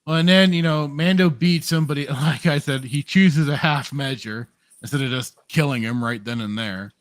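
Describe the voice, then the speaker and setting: A man's voice: on the high side, normal speed, dry recording. A man co-hosting a podcast, rambling through a casual review chat with lots of fillers, restarts and laughs. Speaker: podcast co-host.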